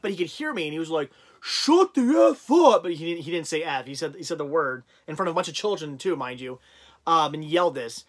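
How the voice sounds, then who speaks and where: Animated rambling man hosting a livestream. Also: fairly high pitch, quick pace. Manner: rambling, animated storytelling with many restarts. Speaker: livestream host. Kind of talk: casual livestream chat.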